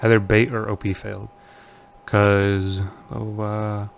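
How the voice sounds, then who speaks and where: Man, low flat voice, uneasy commentary, nervous laughs, faint hum behind. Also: measured pace, vocal fry. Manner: nervous laughter, uneasy, trailing off into quiet mutters. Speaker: channel host. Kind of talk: casual commentary reading forum posts.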